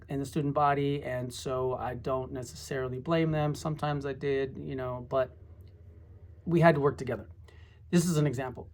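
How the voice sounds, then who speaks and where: A middle-aged former high school teacher telling classroom stories in a rambling, reflective way, full of asides. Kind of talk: casual storytelling monologue.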